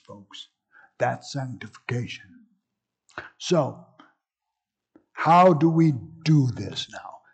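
A man's voice: mid-range voice, vocal fry, a little mellow, husky. A man preaching a sermon as pastor, teaching in a conversational way with frequent asides and explanations.

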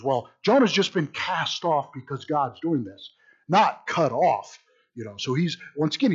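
A man teaching a Bible study in a lively, sardonic way, mixing read passages with his own wry asides. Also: fairly high pitch, slightly rough. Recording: dull lo-fi recording.

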